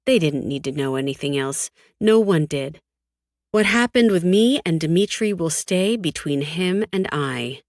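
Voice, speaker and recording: A woman narrating a first-person audiobook in a cold, flat, defiant tone, with frequent swearing. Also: deep voice, unhurried, no echo, studio quality.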